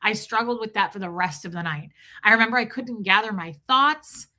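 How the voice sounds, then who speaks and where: A woman's voice: medium pitch, brisk, bright, forceful tone. A woman hosting a casual livestream, chatting emotionally and reading out viewer comments, with frequent restarts.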